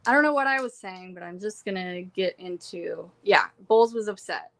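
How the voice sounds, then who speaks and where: A young woman talks through her courtroom notes in a relaxed, chatty way. She reads out quotes from the hearing and drops in quick asides of her own, speaking from a room at home. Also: on the low side. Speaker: trial reporter. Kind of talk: casual trial recap from notes.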